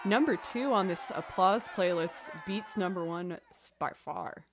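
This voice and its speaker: A woman streamer chatting casually and telling a story in an animated, playful way. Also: on the low side, measured pace, a crowd in the background, background noise. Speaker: musician streamer. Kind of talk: casual chat.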